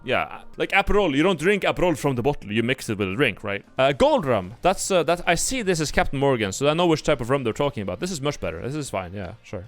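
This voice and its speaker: A man's voice: mid-range voice, big pitch swings, quick pace, hardly any pauses. A young man streaming casual commentary, blunt and jokey, swearing freely as he thinks aloud. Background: faint background music.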